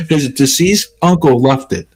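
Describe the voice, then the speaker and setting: Husky guy rambling thru old stories on a chill stream, lots of acted-out quotes. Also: mid-range voice. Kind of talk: casual storytelling chat.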